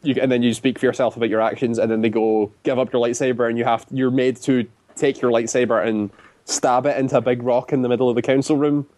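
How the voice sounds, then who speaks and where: A man chatting casually, retelling a story at length and often slipping into quick acted-out quotes. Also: mid-range voice, fairly even intonation, darkish tone, no room sound. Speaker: guest describing a video game. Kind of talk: casual chat.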